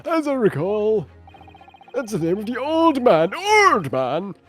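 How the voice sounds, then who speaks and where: A pompous old judge, voiced by a player reading game dialogue, barking orders with lively, swinging pitch. He sounds self-important and impatient. Soft music runs underneath. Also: slow pace, exaggerated voice. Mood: blustering. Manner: blustering, bossy commands. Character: pompous elderly male judge.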